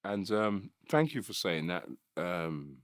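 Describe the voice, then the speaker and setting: A man with a London accent, a guest on a podcast, speaking emotionally and haltingly, often restarting his sentences. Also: medium pitch, expressive, fairly bright tone, dry recording, clean studio sound. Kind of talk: casual chat.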